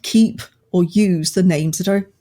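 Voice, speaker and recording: A woman co-hosting a podcast, explaining things in a measured way. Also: fairly low pitch, mellow. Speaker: podcast co-host. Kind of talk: casual podcast chat.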